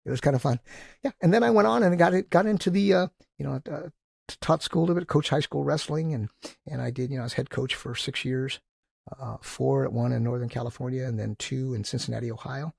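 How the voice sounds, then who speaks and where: Gravelly, husky older man telling stories. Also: mid-range voice, quick pace, dry recording, clean studio sound. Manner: animated, enthusiastic storyteller, acting out quotes. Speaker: guest. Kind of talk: casual storytelling interview.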